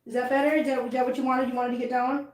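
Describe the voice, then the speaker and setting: A woman's voice: high-pitched, level tone, very fast, echoey room. A woman vlogging at home about her cats, chatting casually and cooing at the kittens in a sing-song voice. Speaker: cat channel vlogger. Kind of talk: casual vlog chat and baby talk to cats. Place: home living room with hardwood floor.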